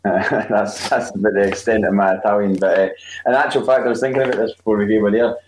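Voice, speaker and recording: Low-voiced jokey man in an echoey room. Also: fairly even intonation. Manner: jokey, laughing, halting. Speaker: podcast co-host. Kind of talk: casual football chat. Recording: roomy echo, faint noise.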